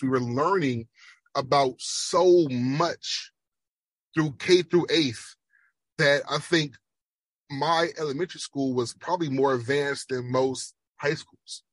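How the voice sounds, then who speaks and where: A man from Chicago with a slight Jamaican-influenced accent, a speech pathologist giving earnest, emphatic interview answers that slow down for emphasis. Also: on the high side, dry recording. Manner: emphatic, measured, slows for emphasis. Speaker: speech language pathologist guest.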